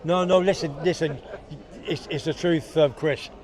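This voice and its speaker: A man's voice: on the high side, steady tone, normal speed, a little mellow. A man chatting as a guest on a live show, rambling with lots of fillers and restarts, with a lingering cough. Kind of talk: casual banter on a livestream. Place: outdoors at a busy bar. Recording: outdoor livestream with crowd noise. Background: crowd chatter.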